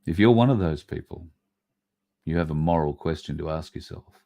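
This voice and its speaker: A man's voice: rumbling low, normal speed, vocal fry. A man hosting a livestream, ranting bluntly with swearing and reading out viewer comments. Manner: blunt, swearing, ranting with sudden loud bursts. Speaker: livestream host.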